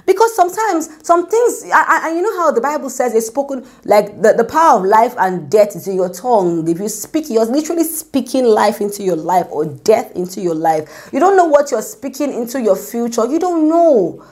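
A woman's voice: a little high, expressive, normal speed, hardly any pauses, a little mellow. Chatty young woman giving a faith talk. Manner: conversational, repeats "do you get me?"; acts out quotes, drops to a whisper for prayers. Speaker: Christian speaker. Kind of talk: informal devotional talk.

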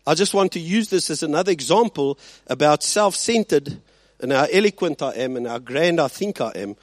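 A man preaching with a lively, swooping delivery, leaning hard into emphasis and then dropping to quiet asides. His voice sits a little high for a man and sounds close and dry. He keeps checking in with the congregation. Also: normal speed, no echo. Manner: animated preaching, swinging between loud emphasis and quiet asides; rhetorical check-ins with the congregation. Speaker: pastor. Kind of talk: sermon.

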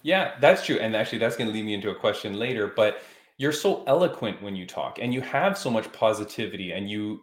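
A man's voice: lowish voice, echoey room. A man hosting an interview podcast, asking eager, admiring questions in a casual way. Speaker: podcast host.

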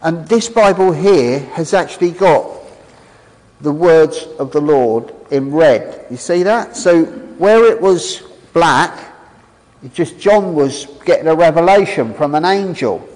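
A man's voice: a little high, in a large hall, poor audio. A man preaching a sermon with enthusiasm, asking the congregation questions and reading scripture aloud. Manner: animated, enthusiastic, reads scripture aloud with pauses.

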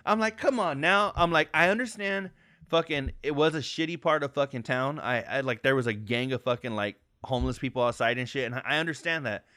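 Fairly quick and mid-range in voice, this male podcast co-host tells profanity-laced stories during relaxed conversation, performing the voices of whoever he's quoting. The recording is dry, with clean studio sound.

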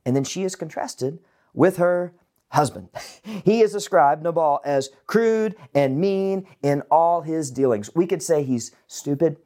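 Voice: mid-range voice, lively intonation, a little slow, mellow. Chatty, casual Bible teacher. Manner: casual, chatty, with asides to viewers. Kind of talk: conversational online Bible lesson.

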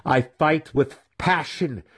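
A man voicing a fierce male dark elf weapon master who argues in an emphatic growl. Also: fairly high pitch, slow, husky, voice pushed up, heavily acted. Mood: defiant.

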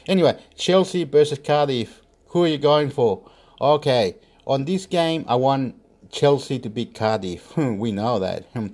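A man's voice: medium pitch, animated, measured pace, darkish tone. A man giving football predictions in a rambling casual monologue, talking to himself, muttering and sometimes swearing.

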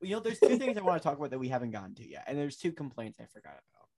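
A man's voice: mid-range voice, big pitch swings, rapid-fire, darkish tone. A man hosting a podcast in casual chat, giggly and playful, often restarting his sentences. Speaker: podcast host.

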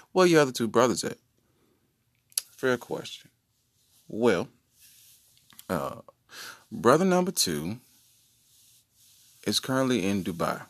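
A man's voice: on the low side, very animated, measured pace, long pauses, dry recording, studio quality. A man hosting his own podcast, telling joking stories in a playful, casual way. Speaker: podcast host. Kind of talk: casual comedic monologue.

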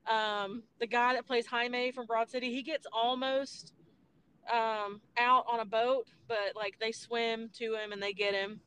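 A woman's voice: a little high, little pitch movement, a little slow, fairly bright tone. Rambling young woman chatting about a film. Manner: rambling, retells scenes with quoted voices, swears. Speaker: podcast host. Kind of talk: casual movie chat. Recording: faint background noise.

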